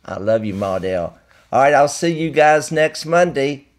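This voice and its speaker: A man's voice: on the high side, lively intonation, measured pace. A man hosting a casual online talk show, teasing his guests and thanking viewers by name. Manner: joking, folksy, teasing the guests. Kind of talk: casual chat and sign-off on a web show.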